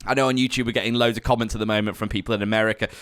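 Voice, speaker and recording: A man's voice: fairly low pitch, fairly even intonation, racing, a bit bright, clean tone, no room sound, studio quality. A man co-hosting a golf podcast, chatting in easygoing banter. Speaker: podcast co-host. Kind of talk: casual chat.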